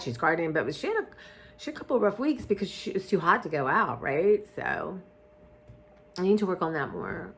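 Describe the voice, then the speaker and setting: A woman chats casually to her camera. Her voice sits a little low for a woman. She rambles, trails off and restarts her thoughts often. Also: fairly bright tone. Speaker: vlogger. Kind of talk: casual chat.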